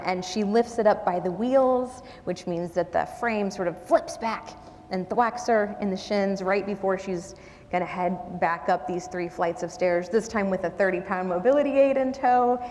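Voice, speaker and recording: A woman speaker telling a personal story to a live audience in a conversational, self-deprecating way. Her casual ums and asides carry a long reverb from the hall. Her pitch sits in an ordinary middle range. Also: a little mellow. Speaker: guest speaker. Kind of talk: storytelling talk.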